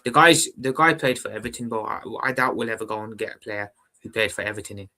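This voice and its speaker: A young man hosts a fan live stream in a bright, forward voice. He talks in a calm, measured way and often repeats his phrases. He chats casually with viewers and calls them brother. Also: lowish voice. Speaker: football fan livestream host.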